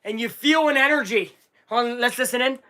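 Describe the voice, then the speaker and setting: A live streamer calling a basketball game as an excitable fan, swinging from low muttering to shouting and swearing. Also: fairly quick. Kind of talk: live fan watch-along commentary.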